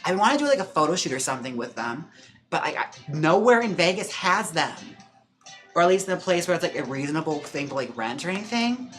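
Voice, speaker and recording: A man hosting a livestream in casual chat, talking with lots of fillers and quick laughs. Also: on the high side, sing-song, a bit bright, faint music behind. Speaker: live-stream host. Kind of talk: casual chat during a wig-styling livestream.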